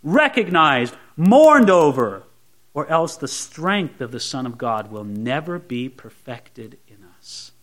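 A pastor delivers a sermon in a high, bright-sounding male voice. His pitch rises and falls a great deal. He moves between soft, low asides and raised, emphatic lines. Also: big pitch swings, slow.

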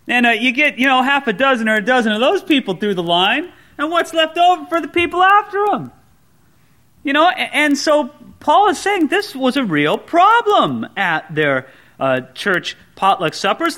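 A man's voice: sits high, sharp tone. A man preaching a casual, joking verse-by-verse sermon as a pastor. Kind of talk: expository sermon.

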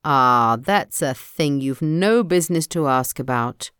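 Lady doing a gruff booming storybook giant, low and rumbly. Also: animated, unhurried, a bit bright, dry recording, clean studio sound, exaggerated voice. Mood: dismissive. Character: roaring heartless male giant.

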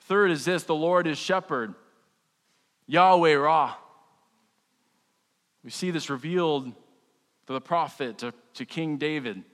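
A man's voice: fairly high pitch, a little slow, long pauses, a bit bright, in a large hall. A man, a pastor, preaching a sermon in a casual, humorous way with frequent restarts.

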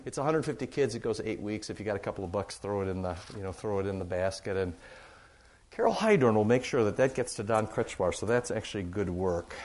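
A middle-aged man, a pastor, giving church announcements and leading a Bible study in a rambling, good-humored way. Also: medium pitch. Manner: chatty, warm-humored, rambling with fillers.

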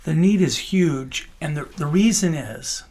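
A man's voice: on the high side, animated, a little slow, a little mellow. A middle-aged man working in child welfare, answering interview questions in an earnest, heartfelt way with many restarts.

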